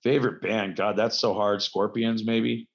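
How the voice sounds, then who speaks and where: A man's voice: fairly low pitch, little pitch movement, moderate pace. A man who wrestles, chatting casually as an interview guest and rambling through self-deprecating stories. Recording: dull lo-fi recording.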